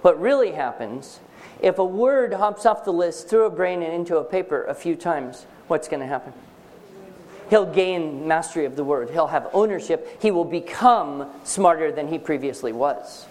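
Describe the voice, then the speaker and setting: A man's voice: a little high, animated, normal speed, a little mellow. Emphatic man teaching a writing workshop. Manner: emphatic, joking, quizzes the audience. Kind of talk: workshop lecture to parents. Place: seminar room with live audience.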